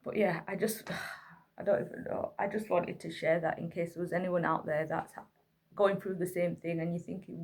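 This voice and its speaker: In this emotional vlog to camera, an exhausted single mother wearily and candidly describes a difficult night with her autistic son, close to tears. Her voice is lowish and slightly mellow with vocal fry, steady in tone and at a normal speed.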